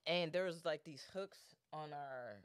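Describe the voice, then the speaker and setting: A man's voice: a little high, measured pace, a bit bright, smooth, no echo, clean studio sound. A young man co-hosting a podcast, telling a story animatedly, swearing freely and acting out what people said. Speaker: podcast co-host. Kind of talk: casual storytelling chat.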